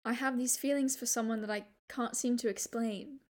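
A woman reading the part of a nervous, confused young man in love, in a halting way, from fan fiction. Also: fairly high pitch, steady tone, darkish tone, lightly acted. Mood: hesitant.

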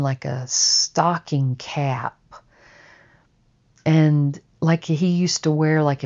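Woman storyteller, low and unhurried, reflective drawl, slightly muffled recording. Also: darkish tone. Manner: slow, reflective, drawling recollection. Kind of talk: personal storytelling monologue.

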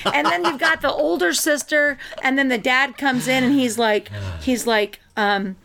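A woman's voice: sits high, measured pace, gravelly, few pauses, fairly bright tone. A woman co-hosting a podcast, chatting casually and telling a rambling story with frequent laughter. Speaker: podcast co-host. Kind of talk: casual chat.

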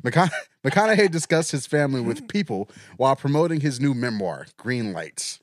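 A man trading crude jokes on a podcast. His pitch swings widely as he tells the story. The sound is dry and close. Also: very animated, normal speed, hardly any pauses, no room sound. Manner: crude joking, laughing, slangy storytelling. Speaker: podcast co-host. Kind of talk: casual chat.

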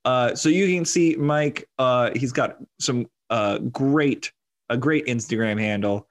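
A man's voice: mid-range voice, takes it slowly. A man co-hosting a comedy podcast, chatting casually with frequent laughs and many fillers. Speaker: podcast co-host.

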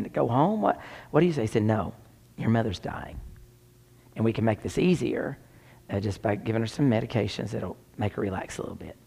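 Husky-voiced preacher in a reverberant church. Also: male voice, fairly low pitch. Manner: dramatic storytelling, drops to near whispers. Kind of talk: sermon with personal story. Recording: long hall reverb.

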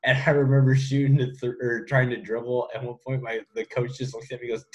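A young man co-hosting a sports podcast, telling self-mocking stories in a relaxed, chatty way. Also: medium pitch, fast, few pauses, low-quality recording. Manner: easygoing, self-mocking, laughs through stories. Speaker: podcast co-host. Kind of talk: casual sports chat.

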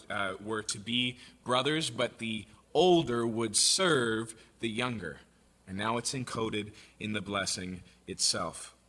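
Bright, husky-voiced man preaching. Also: medium pitch. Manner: conversational, checks in with "okay?". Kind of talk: sermon with scripture reading.

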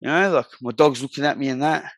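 A man's voice: mid-range voice, fast talker, dry recording. An Australian man in his forties, a guest telling his life story bluntly in slangy, swear-heavy talk. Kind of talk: candid storytelling in a podcast interview.

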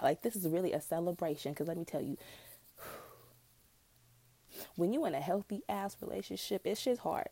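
A woman's voice: on the low side, gravelly, a little mellow, no room sound. A young adult woman vlogger telling a personal story in casual, profane, rambling chat.

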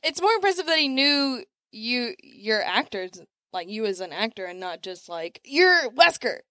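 A woman's voice: medium pitch, moderate pace, sharp tone, no echo, studio quality. A woman co-hosting a podcast panel, teasing and chatting casually.

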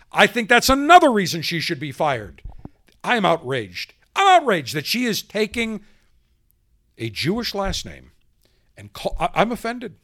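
A man hosting a podcast, delivering a combative, sarcastic political monologue. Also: sits high. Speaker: podcast host.

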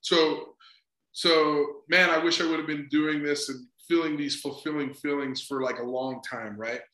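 A man's voice: a little high, steady tone, normal speed, sharp tone. A middle-aged man, a sports psychology consultant, talking earnestly in a casual interview and often adding "right?". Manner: earnest, repeats "right?" and "just". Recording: roomy echo.

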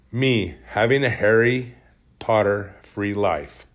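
A man's voice: fairly low pitch, fairly even intonation, moderate pace. A man hosting a podcast, telling stories in a rambling, jokey, self-deprecating way. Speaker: podcast host. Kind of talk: casual storytelling monologue.

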